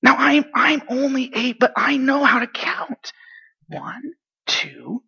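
An excitable eight-year-old village boy, played by a grown man, tells his tale in a very high, bright voice with a husky edge. He chatters eagerly and slips into hushed, secretive asides. The recording sounds dull and lo-fi. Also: unhurried, full character voice. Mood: wide-eyed excitement. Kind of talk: dramatic first-person monologue.

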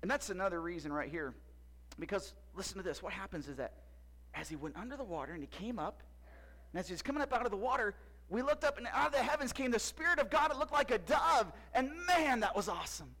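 A man's voice: high voice, lively intonation, fast talker, bright, forceful tone, low-quality recording. A man performing a playful first-person Bible story monologue, joking and quizzing the audience. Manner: playful, jokey, asks audience questions. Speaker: costumed storyteller in church skit.

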